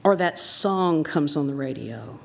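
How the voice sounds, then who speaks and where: A woman minister with a Southern American accent delivers a storytelling sermon. Her voice sits slightly low and she brings the quoted people to life. The sound carries a long reverb from the church hall. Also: lively intonation, a little slow, gravelly. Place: church sanctuary.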